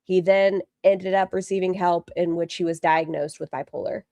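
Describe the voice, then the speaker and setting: Woman streamer, low-pitched and blunt, swears freely and rambles; dry close mic. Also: fairly even intonation, moderate pace, dark tone, dry recording. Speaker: streamer commenting on online drama. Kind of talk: casual livestream commentary.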